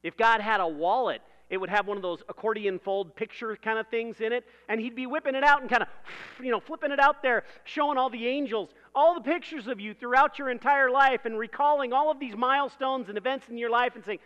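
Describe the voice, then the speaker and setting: A man's voice: extremely high pitch, fairly quick, hardly any pauses, a bit bright, smooth, in a large hall, dull audio. A man preaching a sermon in a conversational way, building vivid everyday illustrations and laughing at his own jokes.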